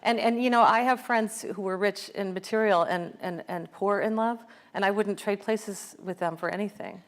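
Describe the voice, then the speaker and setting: American woman, author guest onstage, thoughtful and halting, mid-pitched voice. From United States. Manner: reflective, many fillers and restarts. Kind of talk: onstage conversation.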